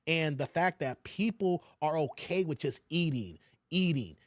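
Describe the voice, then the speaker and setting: A man's voice: fairly high pitch, lively intonation, measured pace, no room sound, clean studio sound. A man hosting his own channel, giving blunt, preachy livestream commentary. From United States. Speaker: channel host.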